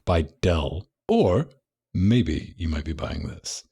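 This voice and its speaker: Male co-host with a deep, raspy voice; casual and jokey. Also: animated, slow, mellow. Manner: joking, self-deprecating, puts on mock voices. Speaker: podcast co-host. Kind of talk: casual tech chat. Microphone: studio mic.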